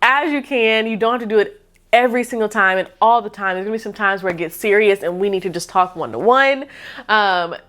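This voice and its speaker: A woman's voice: mid-range voice, a little fast. Upbeat chatty woman vlogger. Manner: chatty, upbeat, animated, addresses viewers as y'all. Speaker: YouTube coach. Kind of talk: casual to-camera tips.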